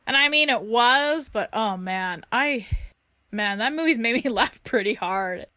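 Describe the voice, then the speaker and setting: A young woman chats casually as a show co-host, telling stories and acting out the quoted lines. Her voice sits a bit high and sounds bright and keen. The sound is close and dry, with no room echo. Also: animated, unhurried. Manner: chatty storyteller, acts out quoted lines. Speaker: podcast co-host. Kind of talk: casual chat.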